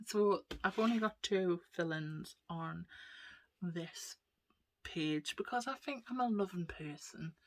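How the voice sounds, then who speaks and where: A woman chatting casually to camera, rambling through stories and dropping into soft whispered asides. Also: fairly low pitch, slow pace. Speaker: vlogger. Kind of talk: casual storytelling chat.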